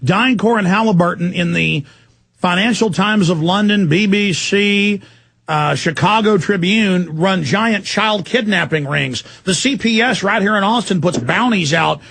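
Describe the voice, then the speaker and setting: Brief: emphatic talk radio host, husky, high voice, dry studio sound. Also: male voice, unhurried, no room sound. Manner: forceful, emphatic, interrupting.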